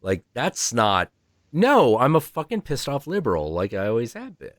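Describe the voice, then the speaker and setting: A man's voice: medium pitch, wildly swooping pitch, normal speed, no room sound, studio quality. A man hosting a livestream, ranting heatedly and profanely, acting out imagined dialogue. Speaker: stream host.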